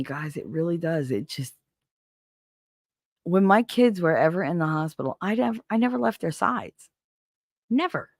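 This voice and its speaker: A woman's voice: medium pitch, gravelly, no room sound, clean studio sound. A woman hosting a casual livestream from home, seated at her computer and talking candidly and emotionally to her viewers, rambling and swearing now and then. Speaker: livestream host. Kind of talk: casual chat with live viewers.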